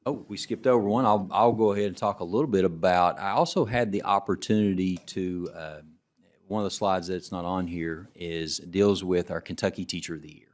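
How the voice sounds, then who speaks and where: Deep-voiced middle-aged man telling stories. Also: moderate pace. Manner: relaxed storytelling, frequent restarts. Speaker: state education commissioner. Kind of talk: presentation remarks to a student council.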